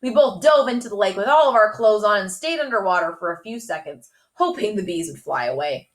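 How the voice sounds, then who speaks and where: A woman reading a children's chapter book aloud, lively and animated, stopping now and then to ask the listener questions. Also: mid-range voice, a little fast. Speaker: storyteller.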